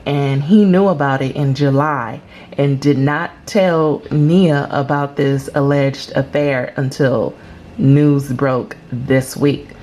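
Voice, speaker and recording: A woman hosts a celebrity gossip vlog in a casual, chatty way. Her voice sits a little low for a woman, and she leans hard on her points with big dramatic reactions. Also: a little mellow, slight background noise. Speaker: celebrity gossip channel host.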